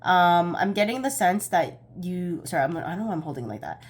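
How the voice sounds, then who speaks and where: A woman's voice: on the low side, expressive, brisk, breathy edge. A young woman giving a casual pick-a-card tarot reading, chatty and a bit scattered, often laughing at herself.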